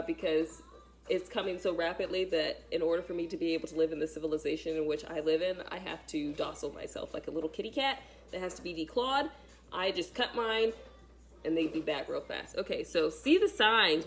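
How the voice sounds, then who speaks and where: A woman, a spiritual teacher, giving an animated spiritual talk in a casual, emphatic and dramatic way, speaking straight to her viewers. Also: fairly low pitch.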